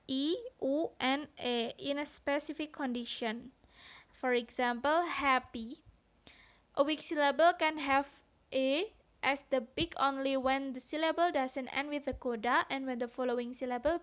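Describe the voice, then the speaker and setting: Slow, high-voiced woman explaining phonetics. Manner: careful, deliberate explanation with sounded-out examples. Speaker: student presenter. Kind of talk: read-aloud phonetics lesson.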